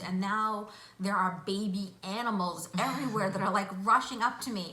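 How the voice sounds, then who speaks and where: A woman guest vividly recounting a hypnosis vision in an interview, excitable as she tells it. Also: mid-range voice. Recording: echoey room, faint hiss.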